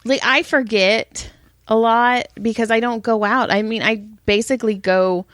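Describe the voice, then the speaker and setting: Her voice fairly high and her pace moderate, this middle-aged woman co-hosts a podcast and spins stories in relaxed conversation, acting out people's lines with animation. The studio-quality audio has no echo.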